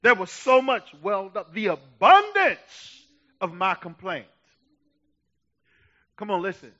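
A man preaching a sermon with passion, dropping to a hush and then rising to shouts, urging his listeners on. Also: high-pitched, very animated, slow, muffled recording. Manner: impassioned preaching, swinging from hushed to shouting. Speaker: pastor.

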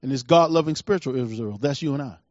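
A man preaching a sermon as a pastor, swinging between fervent declarations and hushed asides. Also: medium pitch, fast, no echo, muffled recording.

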